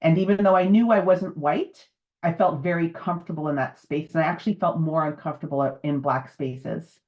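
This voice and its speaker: A woman's voice: low voice, brisk. A woman in her fifties, a menopause educator, speaking candidly and emotionally on a video call. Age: 50s. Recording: dull lo-fi video call audio.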